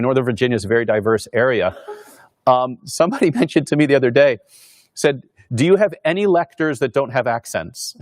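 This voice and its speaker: A man's voice: medium pitch, dry recording, studio quality. A man, a pastor, giving an informal lecture in a conversational way, with many fillers and restarts. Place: Northern Virginia parish pastor speaking at a university.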